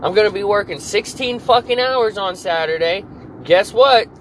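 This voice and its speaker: Angry man, high-pitched, profane venting monologue, faint street noise underneath. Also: moderate pace, a bit bright, rough recording. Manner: profane, furious ranting. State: irritated. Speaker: podcast host. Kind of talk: angry work rant monologue.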